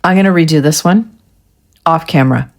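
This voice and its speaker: A woman's voice: deep voice, a little fast. A woman vlogger chatting casually through a nail art tutorial, getting frustrated and swearing at herself.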